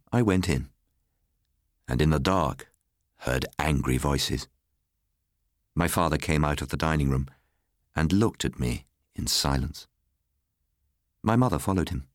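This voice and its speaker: A man narrating a ghost story in a measured, melancholy storytelling way. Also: rumbling low, no echo, studio quality. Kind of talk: scripted ghost story reading.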